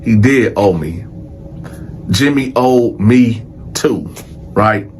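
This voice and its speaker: A man casually telling a story in an animated, profane way and acting out other people's voices. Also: on the low side, drawn-out words, a little hiss or hum. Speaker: storyteller, show host.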